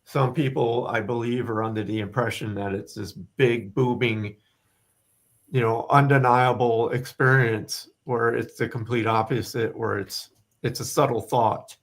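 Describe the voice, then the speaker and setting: A hoarse man co-hosting a casual spiritual live stream, candid and rambling, who says he is losing his voice. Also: medium pitch, steady tone, a little slow. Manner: candid, rambling, restarts often. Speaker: co-host, spiritual medium.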